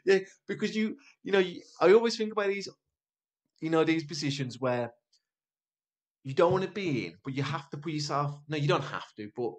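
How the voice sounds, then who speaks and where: A man's voice: a little high, lively intonation, brisk. A young man co-hosting a podcast, telling a sweary story in casual chat and speeding up when he gets worked up. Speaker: podcast co-host.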